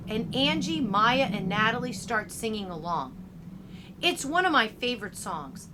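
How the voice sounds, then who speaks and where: A woman narrating a middle-grade novel in first person, with expressive, youthful storytelling. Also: medium pitch, a little hiss or hum. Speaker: audiobook narrator.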